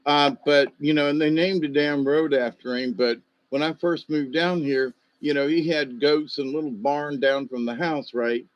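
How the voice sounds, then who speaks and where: A man's voice: fairly high pitch, steady tone, normal speed, few pauses, no echo, lo-fi sound. Rambling, folksy man telling stories. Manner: rambling, folksy, many fillers. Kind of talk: rambling storytelling monologue.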